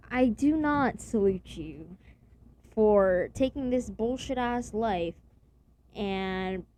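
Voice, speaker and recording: A woman's voice: mid-range voice, dark tone, a little hiss or hum. A young woman vlogging in a blunt, rambling rant full of slang and swearing. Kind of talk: casual profane rant to camera.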